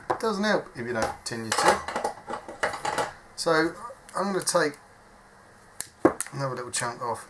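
Talking a little slowly and pausing often, a man with an animated mid-range voice demonstrates soldering at his workbench indoors, chatting and poking fun at himself as he thinks aloud. The recording is very noisy.

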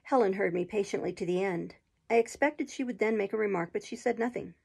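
A woman reading a classic novel aloud as an audiobook narrator, in steady, measured storytelling with occasional stumbles. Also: mid-range voice, gravelly, slightly rough.

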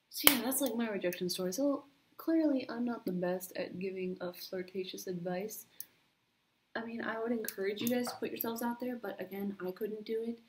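A woman's voice: mid-range voice, slight background noise. A young woman vlogger chatting casually through a makeup tutorial, rambling and full of "like", recorded on a built-in computer microphone at home. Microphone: built-in computer mic.

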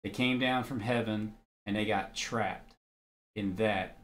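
A man's voice: on the low side, steady tone, slow pace, a bit bright. A man giving casual religious commentary, blunt and argumentative, who swears freely and reads scripture aloud.

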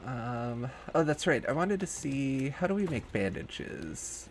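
A man's voice: mid-range voice, sing-song, slow pace, a little hiss or hum. A young man hosting a gaming channel, casually thinking aloud as he crafts and plans in his game. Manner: jokey, hammy cowboy put-on at intro. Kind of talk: casual let's-play commentary.

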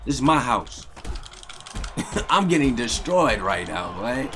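A young man giving loud, slangy live commentary while playing a fighting game, trash-talking his opponent and swearing often. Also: mid-range voice, animated, measured pace. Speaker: gaming streamer.

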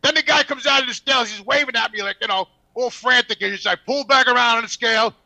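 A man's voice: extremely high pitch, fast, gravelly, dry recording. A man, telling a profane story on a podcast. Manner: profane, animated, quotes people in put-on voices. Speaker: regular podcast guest. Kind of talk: casual storytelling.

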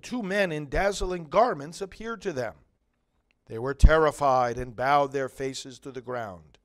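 A middle-aged male priest reading scripture and preaching a homily in slow, measured, solemn phrases. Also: fairly high pitch.

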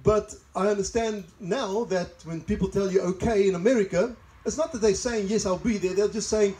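South African male pastor, higher voice with a mellow, warm tone, chatty sermon full of asides. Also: normal speed, hardly any pauses, rough recording. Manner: chatty, laughs at own asides. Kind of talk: sermon with personal stories. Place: church service in a greenhouse.

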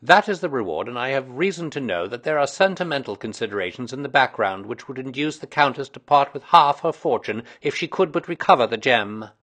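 A man's voice: mid-range voice, expressive, fairly quick, hardly any pauses, fairly bright tone. A man reading aloud voices a self-assured Victorian male detective explaining his deductions in a precise, lecturing way.

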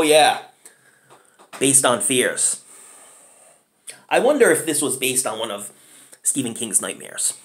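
Lively, chatty man reviewing a movie. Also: mid-range voice. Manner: chatty, rambling, occasional throat clearing. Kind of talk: casual film review.

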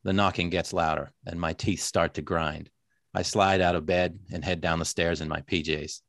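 A weary, hardboiled narrator tells his story in a slow, lowered American drawl, as an Australian man puts on the accent. The delivery is deliberate and noir-flavoured. The sound is close and dry. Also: little pitch movement, a bit bright, no room sound. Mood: wry. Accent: American, put on by an Australian. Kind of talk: reading a novel aloud.

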